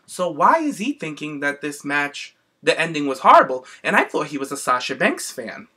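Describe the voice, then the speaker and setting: Male podcast co-host, bright, forceful voice, sassy and animated, slightly high. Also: moderate pace, slightly rough. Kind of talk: casual chat.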